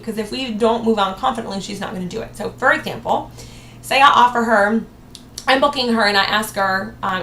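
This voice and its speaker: A woman's voice: on the high side, pushed and bright. A woman giving a sales training talk, upbeat and acting out cheerful sample replies to customers. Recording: echoey room with faint noise.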